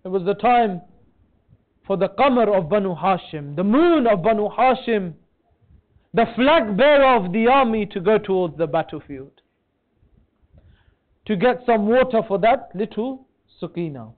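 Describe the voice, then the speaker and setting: Impassioned male preacher, very high voice, mourning sermon, thin lo-fi phone-like recording. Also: expressive, measured pace, pauses often. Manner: impassioned, pleading with listeners. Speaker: majlis speaker. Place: religious centre hall.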